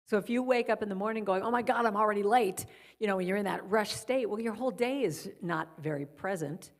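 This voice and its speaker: A middle-aged woman speaking as a guest at a church service, softly guiding listeners and telling stories. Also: medium pitch, quick pace, vocal fry. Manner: gentle, guiding a breathing exercise then storytelling. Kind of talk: spiritual talk at a church service. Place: church sanctuary.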